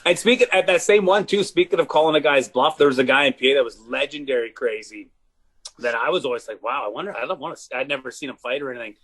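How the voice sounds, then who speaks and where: A man's voice: medium pitch, fast talker, fairly bright tone. A man telling rowdy stories in casual podcast chat, swearing often and laughing mid-story. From Saskatchewan, Canada. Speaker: podcast guest, comedian.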